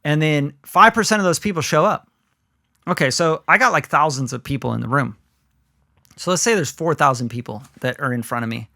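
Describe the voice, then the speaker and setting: A man co-hosting a podcast in loose, casual chat, with a bright, forward voice that sits a little high for a man. He talks animatedly, acts out little scenes and swears without thinking about it. The sound is close and dry. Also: brisk, creaky, no echo. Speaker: podcast co-host.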